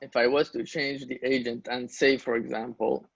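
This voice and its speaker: A man's voice: medium pitch, flat delivery, normal speed, vocal fry, husky, dry recording. A man teaching an Arabic grammar lesson, explaining step by step and checking understanding with questions to his students. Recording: dull lo-fi dry recording.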